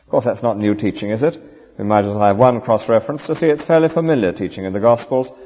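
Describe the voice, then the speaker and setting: A man's voice: lowish voice, fast talker, mellow. A man preaching a sermon in an earnest, rhetorical way, often ending points with tag questions. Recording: dull lo-fi recording with long hall reverb.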